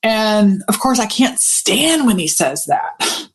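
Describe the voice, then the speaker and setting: A woman, a business coach telling a casual, animated story to her audience and swearing freely. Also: medium pitch, slow. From Texas.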